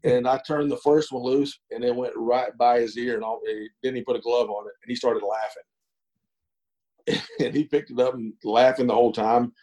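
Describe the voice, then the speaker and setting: A middle-aged man spins a long, folksy yarn as an interview guest. His voice is mellow and relaxed, in the middle of the male pitch range. He talks unhurriedly, with plenty of fillers and chuckles along the way. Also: moderate pace, rough recording. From East Texas. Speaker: guest, former pro baseball pitcher. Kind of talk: casual storytelling interview.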